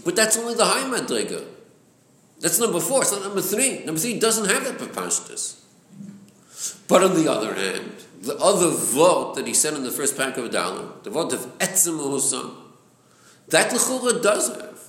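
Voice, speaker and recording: A man's voice: fairly high pitch, moderate pace. A man teaching a Chassidic text class, explaining with many repeated words and Hebrew terms mixed in. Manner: lively, repeats words, mixes Hebrew and Yiddish terms into English. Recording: echoey room.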